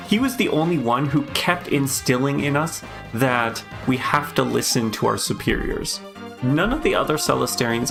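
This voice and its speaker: Gravelly-voiced man rambling while gaming. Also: medium pitch. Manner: rambling, musing, with many fillers. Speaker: gaming streamer. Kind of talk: casual chat while playing.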